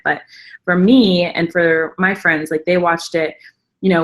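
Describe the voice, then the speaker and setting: A woman's voice: on the low side, fairly bright tone. A woman hosting a casual live stream, talking at length in an enthusiastic, rambling way with many fillers.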